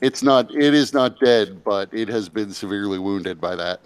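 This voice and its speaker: A man with a lowish voice runs a tabletop game, describing wolves and attacks in an easygoing, halting manner. His voice sits close and dry, with no room around it. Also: clear, resonant tone, no room sound. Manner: casual, halting narration with fillers. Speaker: game master.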